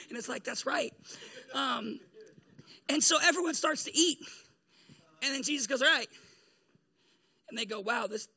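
Very high-voiced man preaching a jokey sermon. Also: sharp tone, slightly rough. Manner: jokey, chatty storytelling with frequent laughs. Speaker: pastor. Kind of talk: casual humorous sermon.

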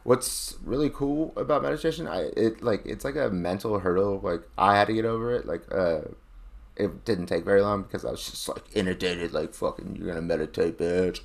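A man's voice: on the low side, a little fast, vocal fry. A man chatting casually on a podcast, rambling with constant "like" fillers and plenty of swearing. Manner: rambling, lots of filler "like", profane. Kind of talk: casual chat.

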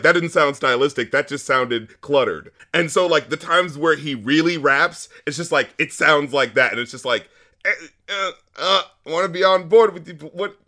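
A man co-hosting a casual music review chat, excitable, swearing often and filling with "like" and "uh". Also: mid-range voice. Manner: excitable, swears a lot, many fillers. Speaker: music review podcast co-host.

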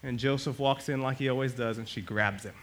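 A male pastor preaching a sermon, animated, swinging between loud and soft and acting out the quotes. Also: medium pitch, a little fast.

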